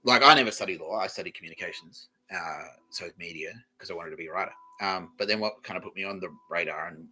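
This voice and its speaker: Swaggering man, bright voice. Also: low voice, fast, hardly any pauses, slightly rough, rough recording. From Australia. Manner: swaggering, profane, laughs often. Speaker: podcast host. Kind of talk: casual comedic monologue.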